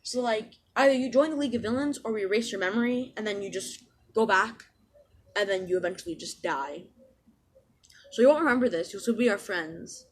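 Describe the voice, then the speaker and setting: A woman voicing a young male villain who is earnestly talking someone into joining, in a rushed, run-on way. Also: close to an everyday voice, poor audio. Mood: earnest persuading. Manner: rushed, run-on persuasive pitch.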